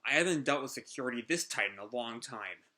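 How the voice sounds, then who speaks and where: A man voicing a calm, capable female hacker android in a brisk, matter-of-fact way. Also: mid-range voice.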